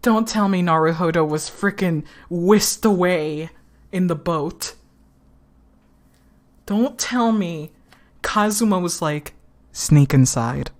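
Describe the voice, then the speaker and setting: A woman streamer giving casual, excitable commentary on a game, swearing freely. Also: on the low side, slow, pauses often. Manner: excitable, laughs often, swears. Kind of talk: casual let's-play commentary.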